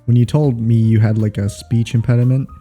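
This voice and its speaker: A man's voice: medium pitch, steady tone, a little fast, mellow, soft background music. A man co-hosting a casual podcast, speaking English as a second language, rambling and restarting his sentences. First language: not English. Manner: rambling, laughing, restarts often. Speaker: podcast co-host. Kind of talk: casual chat.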